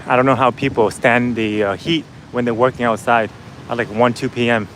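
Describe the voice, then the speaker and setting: A man's voice: mid-range voice, fairly even intonation, brisk, a bit bright, slight background noise, poor audio. A man vlogging casually as he walks outdoors, chatting with his viewers and laughing easily. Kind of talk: casual walking vlog. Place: outdoors on a busy city street.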